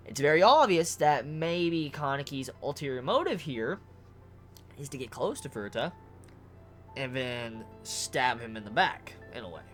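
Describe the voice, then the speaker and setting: A manga reviewer giving casual video commentary, ranting excitably with lots of swearing and stuttered repeats. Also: medium pitch, unhurried, soft background music.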